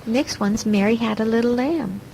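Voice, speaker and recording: An older woman, a grandmother, reading nursery rhymes aloud to a toddler in a slow, deliberate, sing-song way. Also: on the high side, vocal fry, warm tone, slight background noise, rough recording.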